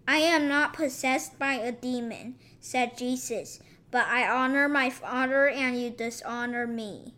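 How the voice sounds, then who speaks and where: A woman reads scripture aloud at an even, measured pace. Her voice sits high and sounds bright and clear. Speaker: scripture reader.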